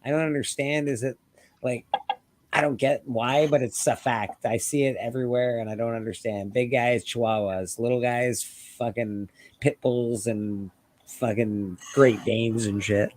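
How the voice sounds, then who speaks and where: A man's voice: mid-range voice, fairly even intonation, unhurried, darkish tone, no echo. A man hosting a casual chat, laid-back, swearing freely and laughing easily. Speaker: host.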